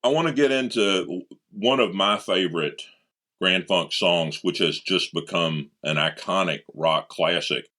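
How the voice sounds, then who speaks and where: A man's voice: low-pitched, a little slow, bright, forceful tone. A man hosting an interview, asking enthusiastic, well-prepared questions. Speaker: interview host.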